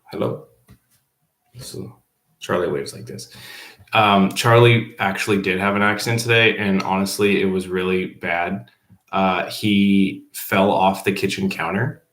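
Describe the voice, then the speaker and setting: A man with a fairly low voice chats loosely on a home livestream, reading his viewers' comments and tossing back replies. He is a teacher, easygoing and unpolished. The sound carries a noticeable roomy echo. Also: creaky, a bit bright. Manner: reads viewer comments aloud and answers them offhandedly. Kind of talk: casual livestream chat. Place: at home, below the baby's room.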